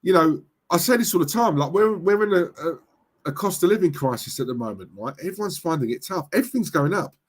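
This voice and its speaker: A man's voice: on the high side, animated, fast talker, breathy edge. A young man ranting casually on a live stream, outspoken and repetitive, tagging his points with "right?" and "yeah?". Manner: outspoken, repetitive, tag questions.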